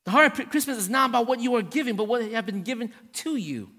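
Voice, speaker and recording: A man preaching a sermon to his congregation, swinging between hushed and raised passages and often checking in with the room. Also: extremely high pitch, animated, fast talker. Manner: addresses the congregation directly, checking in with "right?". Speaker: pastor. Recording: long hall reverb.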